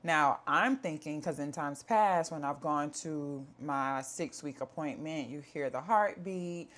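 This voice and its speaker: A woman's voice: deep voice, measured pace, a bit bright. A woman in her thirties giving a candid personal life update from home, talking conversationally and repeating herself. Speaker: vlogger.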